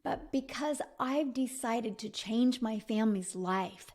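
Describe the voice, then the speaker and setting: A middle-aged woman delivers a motivational talk as a business mentor, her voice pitched a bit high. She is emphatic and repetitive and speaks directly to the listener as a friend. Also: slow pace, a little mellow.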